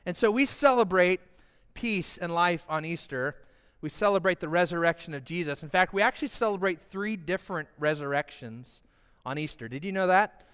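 Man, pastor, easter sermon, lively, smooth resonant voice, long hall echo. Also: high voice, moderate pace. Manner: lively, calls the congregation to repeat after him. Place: church sanctuary with congregation.

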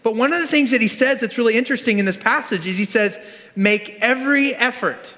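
High-voiced guy preaching casual-style, echoing around a big church hall. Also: rapid-fire, a bit bright. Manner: conversational, leads congregation in call-and-response. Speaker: pastor. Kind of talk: sermon. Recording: long reverb of a large hall.

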